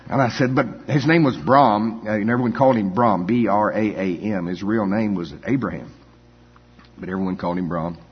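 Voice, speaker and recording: Brief: older male pastor, low husky voice, chatty folksy delivery, dull echoey church hall. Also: normal speed. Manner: folksy, full of "you know" asides and chuckles. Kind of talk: conversational sermon.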